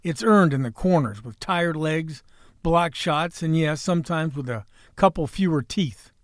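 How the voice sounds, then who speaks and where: A man in his sixties hosting a podcast, delivering a folksy, wisecracking monologue with salty language and a hoarse voice. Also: on the high side, expressive, unhurried, dry recording, clean studio sound. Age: 60s. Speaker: podcast host. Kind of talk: opening monologue and casual chat.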